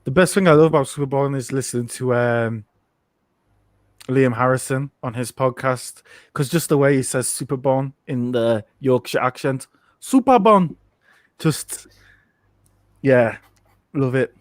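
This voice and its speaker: A man co-hosting a live fight watch-along, chatting casually and jumping up in pitch when he reacts. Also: steady tone, moderate pace, no echo, clean studio sound. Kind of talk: casual live commentary chat.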